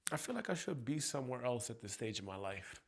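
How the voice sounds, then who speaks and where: A man, a tapping coach, talking through his anger in a raw, profane personal monologue that swings from ranting to quiet reflection. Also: mid-range voice, big pitch swings, quick pace, gravelly, a little hiss or hum.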